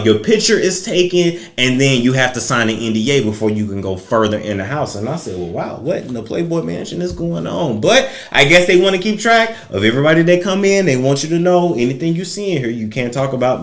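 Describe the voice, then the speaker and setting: A man's voice: mid-range voice, very animated, brisk, few pauses, reverberant. A man hosting a casual celebrity gossip livestream, talking straight to his viewers and giving his opinions. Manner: conversational, opinionated, addresses viewers directly.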